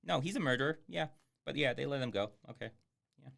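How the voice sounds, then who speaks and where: Sarcastic man, swooping pitch. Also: expressive, fast talker, vocal fry, a bit bright. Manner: sarcastic, swears freely. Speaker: streamer reviewing a film. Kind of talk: casual livestream commentary.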